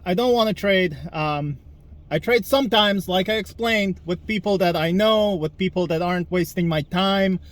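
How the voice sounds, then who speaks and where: A man vlogging while out and about, ranting in an exasperated way and mocking people in high voices. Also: moderate pace, low-quality recording. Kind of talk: ranting walk-and-talk vlog. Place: outdoors in a town, walking and driving past traffic.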